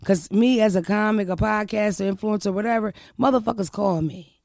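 Brash, gravelly-voiced woman podcast host. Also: medium pitch, a little fast, dry recording, studio quality. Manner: loud, profane, animated banter. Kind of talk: casual podcast chat.

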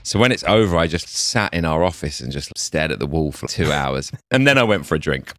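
A middle-aged man with an English accent and a deep voice, a little croaky and tired today. He tells stories in a chatty, animated way. The sound is dry and close, with no room around it. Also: fairly quick, dry recording. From England. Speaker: executive producer, guest. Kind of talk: casual interview.

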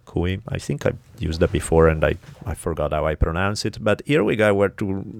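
A man's voice: deep voice, very animated, a little fast, creaky, dry recording. A man with an Italian accent hosting a podcast, reading sponsors and donor names in a loose, joking way. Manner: loose, joking, swears, stumbles over names. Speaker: podcast host. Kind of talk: casual podcast chat and sponsor reads.

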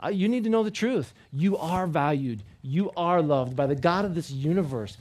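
Male pastor, sermon, slightly high voice, earnest call-and-response preaching, loud to hushed. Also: animated, normal speed. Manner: earnest, repeats key phrases and leads the congregation in call-and-response; swings between loud emphatic preaching and quiet intimate appeals.

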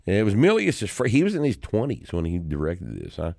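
A man in his sixties with a very low voice talks through his favorite films in a loose, rambling way, restarting his sentences often. When he gets going he turns loud and indignant. The sound is dry and close, with almost no room around it. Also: huge pitch swings, fairly quick, gravelly, no room sound. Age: 60s. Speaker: podcast host. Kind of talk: casual chat about movies.

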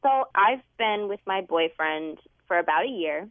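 Young female caller on a phone line, low-ish voice, earnest and hesitant. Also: animated, normal speed, no echo. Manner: earnest, hesitant, with frequent ums. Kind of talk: phone-in question. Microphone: telephone.

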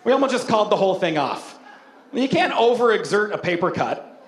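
Joking pastor with a high, roomy voice. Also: male voice, very animated, a little fast. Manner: humorous, conversational, self-mocking storytelling. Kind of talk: sermon.

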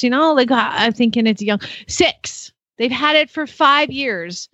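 A woman with a slightly high voice tells horse-training stories in a casual podcast, full of quick asides. Her voice sits close and dry on the mic. The sound is a little dull and muffled. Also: dry recording. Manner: animated storytelling, quick asides and laughs.

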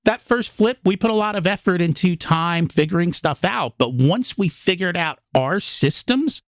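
A man's voice: sits high, expressive, normal speed, dry recording, studio quality. A man, a podcast guest, explaining in practical, emphatic terms, acting out inner dialogue. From immigrated to the United States as a child. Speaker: podcast guest, real estate investor. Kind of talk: conversational interview explanation.

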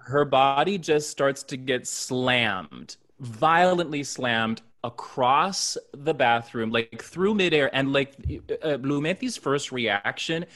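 A man's voice: mid-range voice, expressive, slow, few pauses, a bit bright. A man co-hosting a podcast, casually retelling a horror film in loose, profane bursts. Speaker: podcast co-host.

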